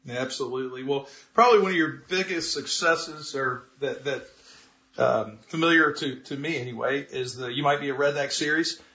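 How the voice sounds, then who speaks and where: Bright-voiced male host in a roomy space. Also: medium pitch, normal speed. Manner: hesitant, filler-heavy questions. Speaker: interview host. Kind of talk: casual interview questions. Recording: dull, roomy lo-fi sound.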